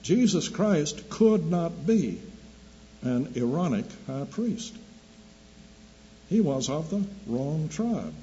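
An older man preaching a sermon, telling anecdotes slowly and deliberately with dry humor. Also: a little high, very animated, mellow. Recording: dull lo-fi recording with faint hum.

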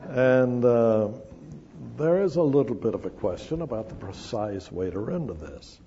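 An older man preaching an expository sermon, slow and emphatic, stressing scripture word by word. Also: mid-range voice, lively intonation, mellow, a little hiss or hum. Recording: dull lo-fi recording.

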